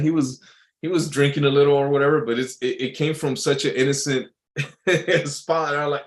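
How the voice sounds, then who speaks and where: A man's voice: a little high, fairly quick. A man talking in a casual, rambling monologue as an entertainer, full of fillers and restarts.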